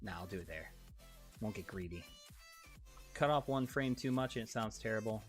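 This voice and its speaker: Male streamer, casual livestream chat; excitable, giggly, loose-mouthed, with faint background music. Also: fairly low pitch, normal speed. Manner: excitable and giggly, swears freely.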